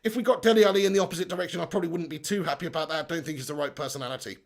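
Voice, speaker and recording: Lad doing a fan livestream, kinda high voice w lots of gravel, sweary jokey banter. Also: male voice, rapid-fire. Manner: blunt, sweary, jokey banter reading out viewer comments. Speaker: fan channel livestream host. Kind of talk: casual livestream chat.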